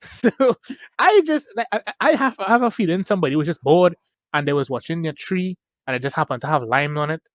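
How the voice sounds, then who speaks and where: A man's voice: on the high side, lively intonation, a little fast, no echo. A man from Trinidad and Tobago, co-hosting a podcast in casual chat, rambling easily through his stories. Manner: easygoing, rambling storytelling. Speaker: podcast co-host.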